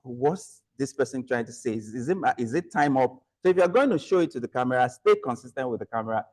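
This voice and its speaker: A man's voice: mid-range voice, lively intonation, quick pace, darkish tone. A man evaluating a club meeting, standing at a lectern and correcting speakers with rhetorical questions. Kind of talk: club meeting feedback speech.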